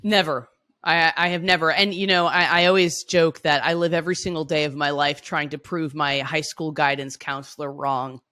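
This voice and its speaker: A woman co-hosting a podcast, telling stories casually with lively restarts and frequent laughs. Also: low voice, moderate pace. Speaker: podcast co-host. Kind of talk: casual conversational storytelling.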